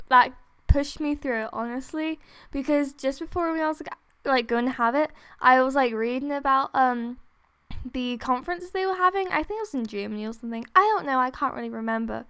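A young woman with a high, giddy voice gives excited gameplay commentary as a gaming YouTuber, speaking into a desktop USB microphone. Her tone is sharp and her pace moderate, and she sounds breathless, laughing, gasping and letting her sentences trail off.

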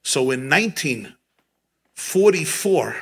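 A man who is a rabbi, telling a story at a gathering in a lively way and repeating key phrases for emphasis. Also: on the high side, slow, husky. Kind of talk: animated storytelling talk at a gathering.

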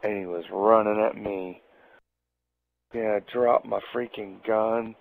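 A man drawls through a cussing, laughing anecdote at an unhurried pace. His low voice is rough and gravelly. The audio is tinny and narrow, like it's coming over a phone. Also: fairly even intonation. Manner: profane, laughs while telling. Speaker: storyteller. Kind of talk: casual anecdote.

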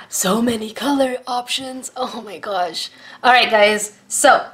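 A woman reviewing art supplies in a casual unboxing vlog, gushing and excitable as she talks to her viewers. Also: a little high, slow.

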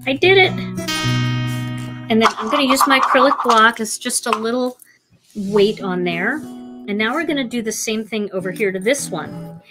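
A woman's voice: a little high, normal speed, over music. A woman hosting a live crafting demonstration, chatting with her viewers as she works. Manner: chatty, talks to viewers while working. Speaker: craft show host.

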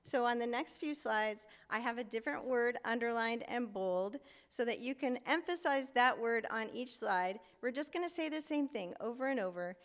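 In a church sanctuary, a woman preacher delivers an earnest sermon and leads the congregation in repeating phrases. Her voice is a little high, at a moderate pace with few pauses. The hall echoes, with faint music behind her.

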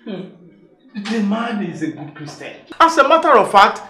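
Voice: mid-range voice, sing-song, unhurried, pushed and bright, roomy sound. An actor playing a friend who questions and defends the accused pastor. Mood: questioning.

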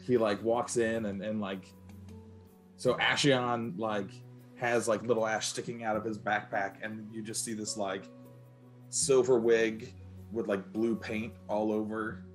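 Male player, lowish voice, loose rambling delivery, soft music under. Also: little pitch movement, measured pace. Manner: rambling, full of likes and restarts. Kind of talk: playing a tabletop game.

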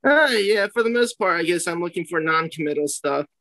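A man's voice: high-pitched, expressive, fairly quick, sharp tone, no echo, poor audio. A young man, a comedian, chatting casually on a podcast and telling stories with laughs, acting out his own reactions. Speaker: comedian guest.

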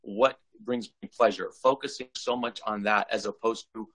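A man's voice: fairly low pitch, fairly even intonation, moderate pace, a bit bright, rough recording. A man in his forties from Southern California, talking earnestly on a video call and often repeating his words as he tells his story. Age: 40s. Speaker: guest. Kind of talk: casual video call interview.

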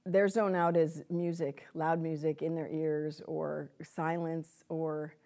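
A woman with a deep voice lectures a live crowd at a slow pace, chatty and lively throughout. She presents herself as a psychic medium, speaks directly to those listening, and often dissolves into laughter.

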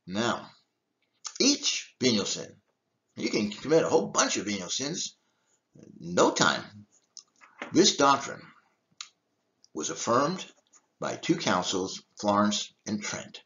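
Older man preaching with a lively voice. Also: lowish voice, takes it slowly, pauses often, dull audio. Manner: emphatic, rhetorical questions, lively delivery. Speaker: deacon. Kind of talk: teaching talk on church history.

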